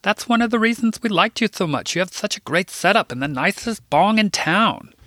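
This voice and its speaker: A man's voice: sits high, expressive, fairly quick, pushed and bright, no room sound, pitched above the performer's own voice, exaggerated voice. A man voicing a large, petulant, weepy man who speaks indignantly and slings crude insults. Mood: gushing.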